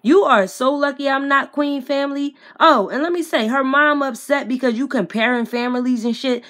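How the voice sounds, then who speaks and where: A woman's voice: high voice, fairly bright tone. A woman vlogger giving a blunt, profane, heated commentary to camera, speaking straight to the person she criticizes and to her viewers in slangy casual talk. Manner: addresses viewers directly, slangy.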